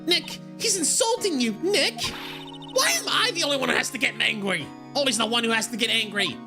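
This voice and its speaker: A man voicing an excitable, pushy young woman sidekick in a squeaky, shrill voice while playing through a game. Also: a little fast, over music. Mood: indignant. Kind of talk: fan voice-acting a game playthrough.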